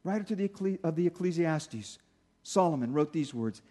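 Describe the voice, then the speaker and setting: A middle-aged male pastor preaching a sermon in a conversational way, slowing down to stress key points. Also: on the high side, animated, warm tone. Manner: conversational preaching, slows for emphasis.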